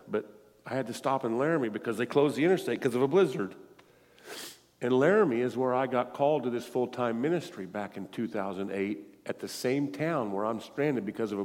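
A man's voice: mid-range voice, a little mellow. Earnest preacher man in reverberant church. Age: middle-aged. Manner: earnest, pleading, storytelling. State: tearful. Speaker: guest preacher. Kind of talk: emotional sermon. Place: church sanctuary.

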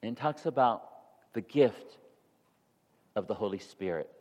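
A male pastor delivering a sermon, ranging from hushed, near-whispered passages to loud, rising exhortation. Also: lowish voice, animated, measured pace. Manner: shifts from soft, near-whispered confession to loud, rising preaching. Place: church sanctuary. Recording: long hall reverb in a church.

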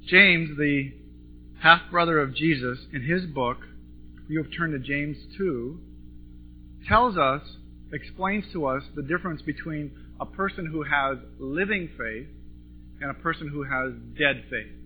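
A man preaching a sermon to a congregation, impassioned, swinging between loud and soft. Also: on the high side, unhurried. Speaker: pastor. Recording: tinny phone-like recording with faint music.

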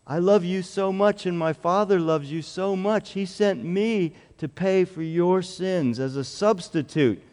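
A man doing Jesus, a gentle, loving grown man who speaks with earnest tenderness and takes his time. The voice sits a touch high and rings out in a long, echoing hall reverb. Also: measured pace, hardly any pauses. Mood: tender.

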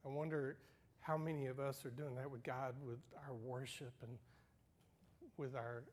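An older male pastor preaching with personal, homey stories, his voice in an ordinary middle register. He acts out the people in his anecdotes and swings from near-whispers to loud, excited bursts. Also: medium pitch, normal speed. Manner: animated, acts out dialogue, swings from hushed to loud. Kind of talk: personal storytelling sermon.

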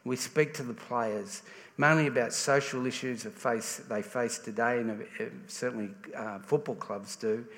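A man's voice: medium pitch, steady tone, moderate pace, fairly bright tone. An Australian man giving a sermon in a conversational way, often restarting his sentences. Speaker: preacher. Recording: reverberant church hall.

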